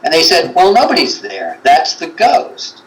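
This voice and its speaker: A man's voice: fairly high pitch, wildly swooping pitch, a little slow, slight background noise, poor audio. A man telling a story as a guest on a paranormal talk show, rambling with many fillers and acting out quotes. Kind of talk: animated storytelling in a livestream chat.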